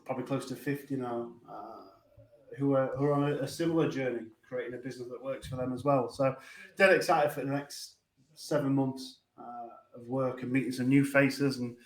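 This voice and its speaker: Brief: easygoing male guest, mid pitch, light laugh, roomy echo on the mic. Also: steady tone, normal speed. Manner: laughs easily, hesitant fillers. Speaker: guest, business coach. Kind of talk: casual chat.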